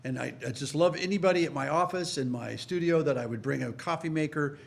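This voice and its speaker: An older man in his sixties with a gravelly, rough-edged voice, chatting as a guest. He rambles through stories with animated energy. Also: fairly high pitch, quick pace. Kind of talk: casual banter.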